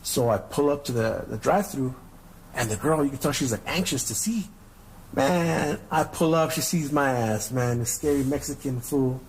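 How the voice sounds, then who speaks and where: A man's voice: mid-range voice, normal speed, a little hiss or hum, poor audio. A middle-aged man hosting a podcast, telling stories in a casual, profane, rambling way and repeating his words. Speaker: podcast host. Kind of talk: casual storytelling rant.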